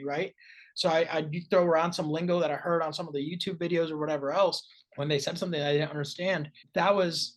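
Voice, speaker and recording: A man chatting casually on a podcast as a real estate investor, often tagging his points with "right?" and restarting phrases. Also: fairly high pitch. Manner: conversational, frequent "right?" tags and restarts.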